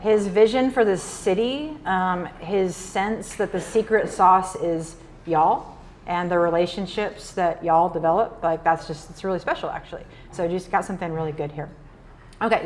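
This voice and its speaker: A woman's voice: fairly low pitch, a little hiss or hum. Chatty woman from Nebraska speaking. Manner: chatty, uses "like" and "y'all". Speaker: keynote speaker. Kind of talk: casual conference talk. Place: luncheon event room.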